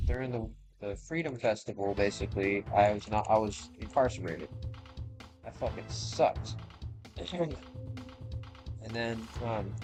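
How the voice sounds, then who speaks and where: A man's voice: lowish voice, poor audio. Rambling, profane man over game music. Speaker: streamer. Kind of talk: casual chat while gaming. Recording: game music playing underneath.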